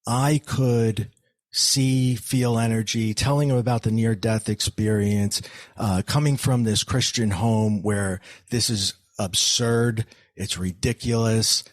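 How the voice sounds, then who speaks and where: A fairly low-voiced man, appearing as a guest on a podcast, tells a personal story with fairly even intonation. Earnest in tone, he frequently starts over mid-sentence and pads pauses with "um" and repeated words. There's no room reverb; the sound is dry and intimate.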